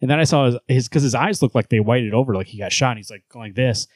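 Male podcast co-host, profane casual comic talk, dry close mic, mid pitch. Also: quick pace, dry recording. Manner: profane, reads and acts out comic dialogue. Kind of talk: casual comic book review chat.

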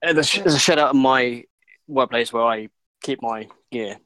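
A man's voice: mid-range voice, moderate pace, background noise. A man in casual podcast chat, talking hesitantly with many fillers while telling work stories.

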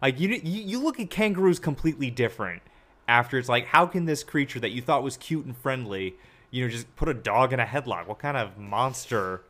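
A man's voice: mid-range voice, expressive, fairly quick, bright, forceful tone. A man in his late twenties hosting a casual podcast chat, joking and asking leading questions. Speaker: podcast host.

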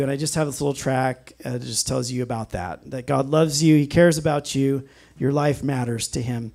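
A man's voice: medium pitch, steady tone, moderate pace, creaky, darkish tone. A man preaching a sermon, telling a personal story in an earnest way and breaking into frequent amens. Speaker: pastor.

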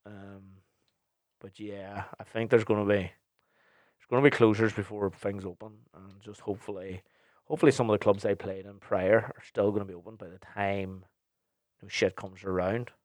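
A man's voice: on the low side, fairly even intonation, moderate pace, a little mellow, no echo, clean studio sound. A young man, hosting a podcast and answering listener questions in a blunt, sweary, rambling way. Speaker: podcast host and DJ.

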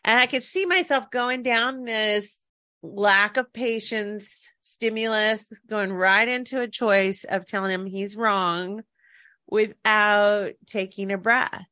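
A woman co-hosting a talk podcast, chatting through a meandering personal story. She talks in loose, rambling bursts and often corrects herself mid-sentence. Her voice sits at an ordinary pitch and sounds close and dry, with no room echo. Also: slow, sharp tone. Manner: rambling anecdotes with self-corrections. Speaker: podcast co-host. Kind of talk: casual storytelling chat.

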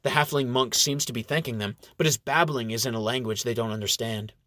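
A man narrates a fantasy audiobook in a steady, measured way at a mid-range pitch. The recording is dry and close, with no room sound. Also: dry recording.

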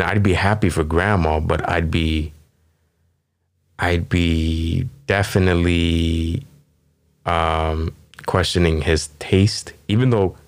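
A man with a very low voice hosts a comedy podcast. He riffs casually and rambles, swearing often and padding his thoughts with ums and you-knows. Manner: rambling, profane, with many fillers. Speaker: podcast host.

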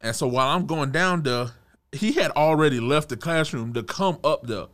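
A young man retelling a personal run-in in a casual storytime, animated, restarting his sentences and chuckling as he goes. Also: on the high side, moderate pace.

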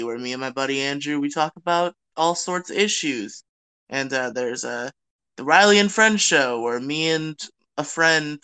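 Bright, crisp-voiced podcast host man. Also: a little high, low-quality recording. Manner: loose and joking, swears casually. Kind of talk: casual podcast chat.

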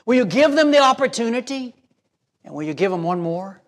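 A man's voice: sits high, lively intonation, brisk. A man preaching a sermon as pastor, emphatic, reading scripture aloud and acting out imagined voices.

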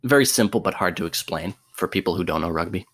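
A man's voice: deep voice, fast talker, fairly bright tone. A young man telling a sports story casually, laughing often, swearing and restarting his sentences.

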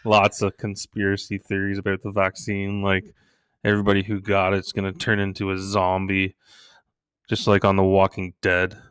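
Crude-joking man with a low voice. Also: monotone, moderate pace, clear, resonant tone, dry recording, clean studio sound. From Canada. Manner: crude, joking, acts out quoted lines in a high shouting voice. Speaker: stand-up comedian. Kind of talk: casual comedic storytelling.

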